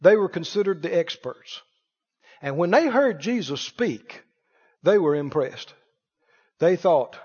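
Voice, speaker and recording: A man's voice: high voice, animated, moderate pace, slightly rough, big-room sound, highs cut off. A man preaching a sermon, quoting scripture with emphasis and putting questions to the congregation.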